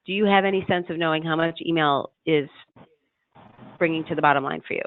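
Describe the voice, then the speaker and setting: A man's voice: fairly high pitch, fairly quick. Consultant man explaining on a call. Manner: explanatory, many fillers and restarts. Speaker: marketing consultant. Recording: tinny phone-line audio.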